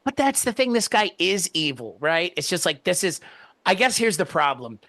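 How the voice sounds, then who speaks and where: Bright-voiced man ranting. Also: high voice, moderate pace, gravelly, no room sound. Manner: animated, profane, ranting. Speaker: podcast co-host. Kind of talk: casual chat reviewing a TV episode.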